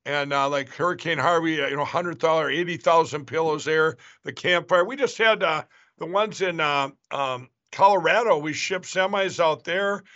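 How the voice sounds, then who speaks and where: A man's voice: fairly high pitch, moderate pace, sharp tone. A man hosting a show, telling a long story in a casual, rambling way with many restarts and asides. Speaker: show host. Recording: dull lo-fi sound.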